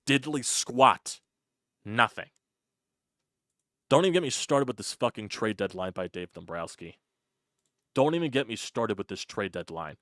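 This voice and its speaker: A man hosting a sports channel rants in an exasperated, repetitive reaction monologue, mocking others in a put-on voice. His fairly low, slightly bright voice is a little slow with long pauses. The studio-quality audio has no echo.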